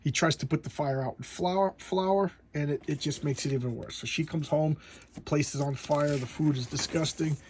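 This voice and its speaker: A man's voice: on the high side, moderate pace, a little mellow, slight background noise. A man casually reviewing a comic book, rambling and often stammering and repeating his words.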